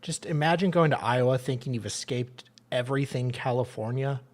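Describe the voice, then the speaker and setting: A man hosting casual reaction commentary, chatty and sarcastic, mumbling quiet asides. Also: medium pitch, fairly quick. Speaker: commentary host.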